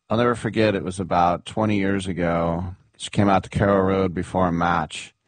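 Chatty radio host, low voice. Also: male voice, no room sound. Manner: chatty, rambling, laughs at his own stories. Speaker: radio sports talk host. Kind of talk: casual radio talk.

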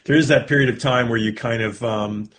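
A man speaks as a guest over the phone about directing a film. He is hesitant and fills his pauses with fillers. His voice is mid-pitched. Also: a bit bright. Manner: hesitant, full of "you know". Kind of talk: phone interview.

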